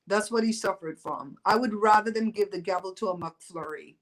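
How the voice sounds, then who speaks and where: A woman in her fifties from Belize hosts a casual livestream chat from home, speaking at medium pitch and a moderate pace. Her style is loose, teasing and opinionated, and the recording is rough.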